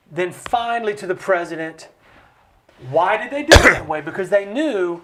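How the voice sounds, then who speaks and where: A man speaking as a studio guest, explaining with passion, in an animated way with jokey asides. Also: sits high, moderate pace, slight background noise. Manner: animated, acts out quoted voices, jokey asides. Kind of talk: impassioned conversational explanation. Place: recording studio.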